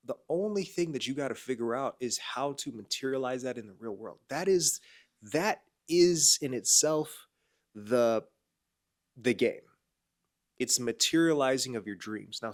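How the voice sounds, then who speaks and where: A man in his twenties, a clothing brand owner with a blocked, nasal voice, gives a casual motivational talk full of slang, and his loudness rises and falls from phrase to phrase. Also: medium pitch. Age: 20s. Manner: slangy and emphatic, often saying bro and man. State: congested, nasal voice.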